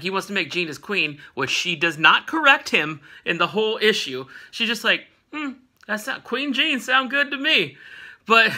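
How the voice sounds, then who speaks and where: A man with a fairly high voice and a very bright, sharp tone, recapping a comic issue as an offhand chat. He is jokey and slangy, and he keeps jumping into quick impressions of the characters. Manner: animated, jokey, slangy, acts out characters' lines. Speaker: comic book recap host. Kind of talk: casual comic recap storytelling.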